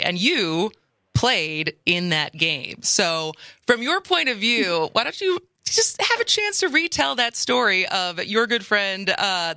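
A young woman hosts a radio talk show at a studio mic. Her voice is bright and forceful and fairly low, with a dry sound close to the mic, and she talks in a lively, quick way. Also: no room sound. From Wisconsin. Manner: lively, quick, some restarts. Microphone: studio microphone.

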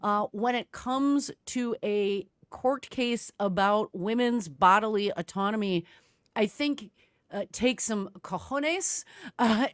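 A woman hosting a radio talk show, brisk and direct, speaking to her listeners as folks. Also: medium pitch, no echo, clean studio sound.

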